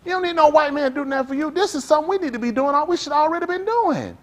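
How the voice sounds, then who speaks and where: A man preaching a sermon as pastor, telling stories with loud outbursts. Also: very high-pitched, racing. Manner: animated preaching with storytelling, loud outbursts and laughs.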